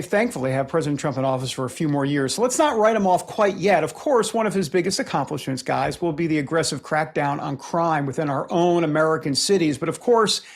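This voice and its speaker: A man hosts a political talk show with a gravelly, husky voice. He delivers the news with a wry, sarcastic edge, tossing in dry asides between his points. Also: fairly high pitch. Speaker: host.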